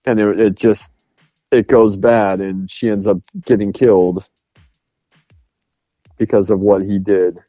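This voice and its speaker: Laid-back low-voiced man reviewing a film. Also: little pitch movement, unhurried, long pauses, warm tone, dry recording, faint music behind. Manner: loose and chatty, acts out movie lines with laughs. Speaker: podcast co-host. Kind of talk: casual film review chat.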